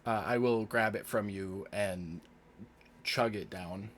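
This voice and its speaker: Slow, low-voiced man narrating his character. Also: a little hiss or hum. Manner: laid-back, unhurried, loose with fillers. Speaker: tabletop game player. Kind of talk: narrating his character's actions in first person. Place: home streaming setup.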